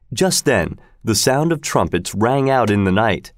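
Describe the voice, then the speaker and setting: Male storybook narrator, clear and expressive, mid pitch, dry close sound. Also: normal speed, hardly any pauses, no room sound. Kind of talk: storybook reading.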